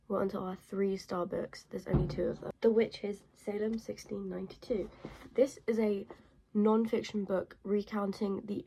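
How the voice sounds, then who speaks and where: A woman's voice: mid-range voice, gravelly, mellow, husky, rough recording. A woman chatting casually and bluntly in her bedroom as she reviews books she has read, rambling as she goes. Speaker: book vlogger. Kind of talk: casual book review chat.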